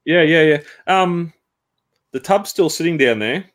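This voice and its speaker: A man's voice: fairly high pitch, expressive, measured pace, fairly bright tone. A man, a regular on a podcast, talking in an easygoing, laughing way. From Australia. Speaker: podcast co-host. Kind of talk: casual podcast chat. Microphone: video call.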